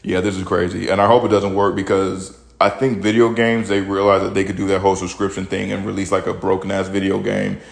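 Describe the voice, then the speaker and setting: A young man, slightly winded, hosts his own opinion podcast and rants profanely and bluntly about the news in a casual way. His voice sits low and sounds creaky, with a flat delivery, a fairly quick pace and few pauses.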